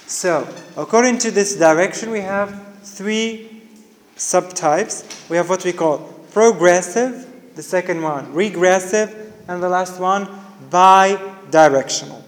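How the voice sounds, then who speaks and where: A male teacher giving a classroom lecture, explaining step by step and often checking with "okay, guys? clear?". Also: high voice. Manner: explains slowly step by step, repeating key words. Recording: reverberant room.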